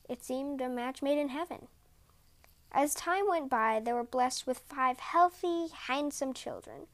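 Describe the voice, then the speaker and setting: A woman podcast host reading folk tales aloud in a gentle, measured way. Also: high voice. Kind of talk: storybook reading.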